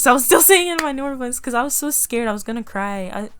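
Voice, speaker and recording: A young woman casually telling a personal story to the camera, animated and often laughing as she acts out what people said. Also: on the high side, fast talker, few pauses, clean tone, faint music behind. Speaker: vlogger.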